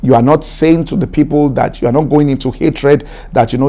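A man preaching a sermon, exhorting his listeners in a repetitive, emphatic style that climbs higher as he builds. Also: fairly even intonation, brisk, dark tone. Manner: preaching, rising to an emphatic raised pitch. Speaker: pastor.

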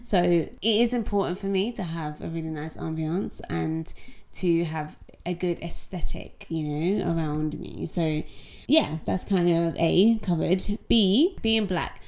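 A woman's voice: on the low side, a little slow, darkish tone. A woman with an English accent hosting a podcast, telling candid, rambling stories in a casual monologue. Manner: chatty, candid, rambling storytelling. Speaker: podcast host.

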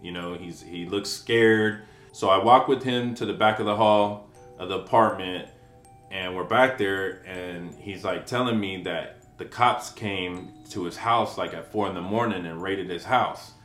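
A man's voice: low voice, a little slow, fairly bright tone. A man in his forties telling a personal story in a casual, profane, conversational way, often saying "you know what I mean.". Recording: roomy echo with faint guitar music.

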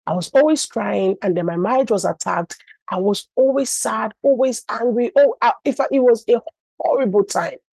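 Woman pastor, husky, dry sound, chatty storytelling sermon full of asides. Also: fairly high pitch, normal speed, darkish tone, dry recording, low-quality recording. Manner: storytelling, many "you know" asides. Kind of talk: conversational preaching.

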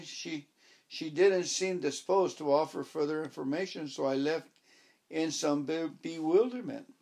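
A man reads his own first-person story as an audiobook, wry and measured, performing his own lines of dialogue. His voice is a little high and a little mellow.

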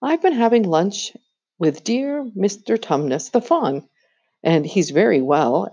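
A woman's voice: fairly low pitch, mellow, husky, muffled recording, heavily acted. A woman voicing an eager, happy young girl who gushes breathlessly, in a storybook reading. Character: excited, happy little girl.

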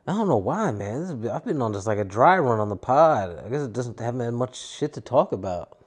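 A man's voice: mid-range voice, lively intonation, a little fast, breathy edge. A young adult man hosting a casual solo podcast, rambling and swearing in a tired, downbeat way. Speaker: podcast host.

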